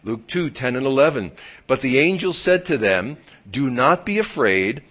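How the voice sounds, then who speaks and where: A man preaching a sermon as pastor, swinging from loud emphatic lines to hushed near-whispers and drawing key words out slowly. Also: medium pitch, very animated. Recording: dull lo-fi sound.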